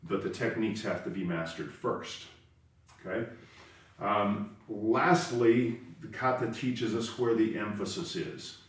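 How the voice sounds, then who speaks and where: A man teaches karate in a patient, explanatory way and leans hard on the words he wants to stress. His voice sits on the low side. It comes from some distance off the mic and rings around a very echoey room. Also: unhurried. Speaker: karate instructor. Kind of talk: spoken lesson.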